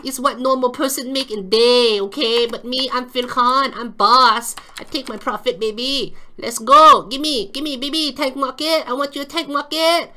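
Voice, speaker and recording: A man's voice: very high voice, steady tone, normal speed, hardly any pauses, pitched above the performer's own voice, heavily acted. A man putting on a brash, gloating male trader. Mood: demanding. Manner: broken-English shouting at the market, gloating. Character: boastful greedy male day trader, brash and loud.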